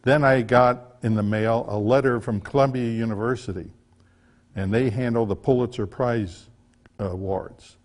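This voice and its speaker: A man's voice: medium pitch, fairly even intonation, unhurried. An older man telling a folksy, chatty story about his life as an author, with small restarts along the way. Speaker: author giving a talk. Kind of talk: casual storytelling talk.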